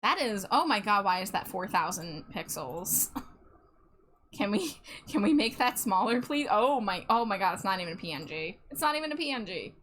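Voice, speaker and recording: A woman streamer talks to her viewers while she draws, thinking aloud as she works. She mutters half-sentences to herself and breaks into quick laughs. The delivery is loose and unscripted. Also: medium pitch, big pitch swings, a bit bright. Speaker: streamer and digital artist. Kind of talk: casual livestream chat while drawing.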